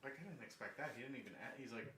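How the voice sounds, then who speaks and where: A man's voice: medium pitch, racing, sharp tone. A man in his thirties co-hosting a podcast, rattling off rambling anecdotes in casual banter. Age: 30s. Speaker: podcast co-host. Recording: echoey room.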